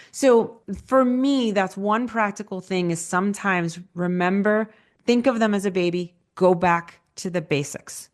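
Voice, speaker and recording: A woman's voice: mid-range voice, a little slow. A woman author being interviewed, talking in a casual, conversational way and often tagging her points with "right?". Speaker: author guest.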